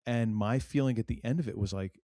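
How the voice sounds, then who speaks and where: A middle-aged New England man co-hosts a podcast, his medium-pitched, mellow voice moving a little fast. The recording is dry with clean studio sound, and his casual chat rambles with lots of fillers and restarts.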